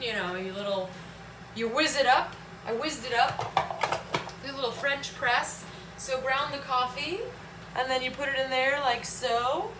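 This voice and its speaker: A chatty woman in her thirties talks to a tripod camera in her kitchen, joking and now and then singing a silly line. Her voice sits a little high. The room rings with echo, and a faint hum hangs underneath. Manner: chatty, jokey, breaks into silly sung bits. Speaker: vlogger. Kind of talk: casual vlog chat. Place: home kitchen.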